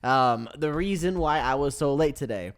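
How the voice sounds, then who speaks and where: Laughing young man hosting a podcast. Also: a little high. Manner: laughing, joking, quick bursts of excitement. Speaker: podcast host. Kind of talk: casual podcast chat.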